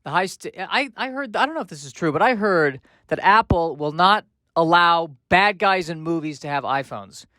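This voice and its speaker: A man's voice: on the high side, expressive, moderate pace, few pauses, pushed and bright, no room sound. A man hosting a podcast, rambling through comic, self-mocking asides in a casual monologue. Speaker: podcast host.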